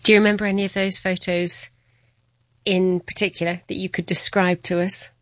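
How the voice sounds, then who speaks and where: A woman reporter giving scripted documentary narration in a measured, clear way. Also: fairly low pitch, flat delivery, dry recording.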